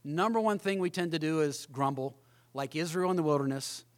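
A man's voice: on the high side, fairly quick. A middle-aged man preaching a sermon as pastor, emphatic, often acting out the voices of others.

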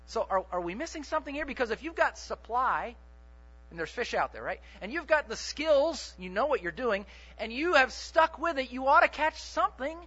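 Animated, high-voiced male preacher. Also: normal speed, muffled recording. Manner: animated, joking, quizzes the congregation. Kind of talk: sermon.

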